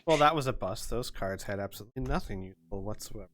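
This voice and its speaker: A man acting as game master, talking in an animated, emphatic way. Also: lowish voice, quick pace. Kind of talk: running a tabletop game.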